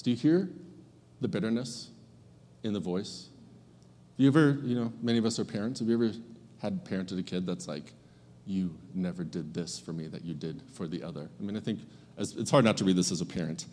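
A man's voice: deep voice, brisk, warm tone, in a large hall. A man preaching a sermon as a pastor, speaking conversationally and acting out the characters' lines.

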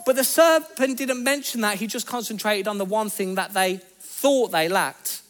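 A man's voice: high-pitched, moderate pace, fairly bright tone. A man giving a sermon, speaking in an earnest, conversational teaching way with repeated phrases. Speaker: pastor.

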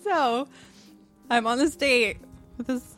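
A giggly, hesitant woman telling a story in a casual chat. Her voice sits a bit high, and she talks slowly. Faint music plays behind her. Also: fairly bright tone.

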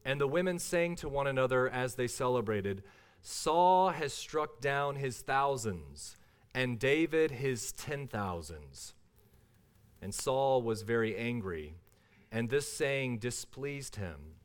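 A pastor reading a scripture passage aloud and then beginning his sermon, at a measured, deliberate pace. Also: medium pitch, very animated.

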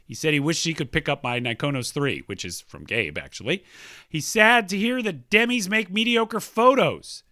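Playful guy reading out listener emails, higher voice, swoops around a lot. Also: moderate pace, no echo, studio quality. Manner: animated, laughs often, playful. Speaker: podcast co-host reading listener mail. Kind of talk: casual chat.

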